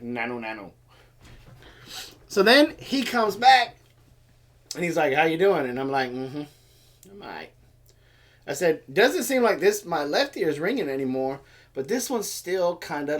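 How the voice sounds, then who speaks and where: A man's voice: on the high side, big pitch swings, measured pace. A man co-hosting a livestream, telling a story in casual chat and acting out other people's voices and sounds. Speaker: co-host of a homestead livestream.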